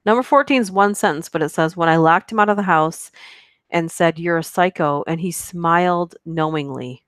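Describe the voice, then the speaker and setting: A woman's voice: lowish voice, normal speed, no room sound, clean studio sound. A woman reading stories aloud on a live stream, breaking off for casual, chatty asides to her viewers. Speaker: YouTube horror story narrator.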